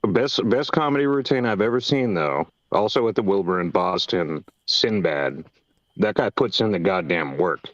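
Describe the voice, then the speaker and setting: A man who does stand-up, joking around in a group call. His voice is low but swings widely in pitch, and it comes through a dull, lo-fi line. He is quick to poke fun at himself. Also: lively intonation, no room sound. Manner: joking, self-mocking. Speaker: stand-up comic. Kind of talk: casual group chat.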